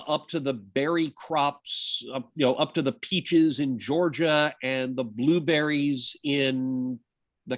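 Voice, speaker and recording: Brief: male biology lecturer, slow and deliberate, filler-heavy, dry close-miked sound. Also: medium pitch, no echo. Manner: conversational, lots of uh and um, self-deprecating asides. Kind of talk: university lecture.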